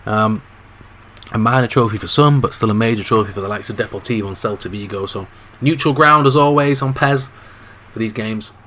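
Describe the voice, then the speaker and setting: A man with a dry, slightly coughy throat giving play-by-play commentary on a football video game. His call is mostly low-key and jumps into excited shouts at goal chances. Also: brisk, a little hiss or hum. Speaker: gaming channel host.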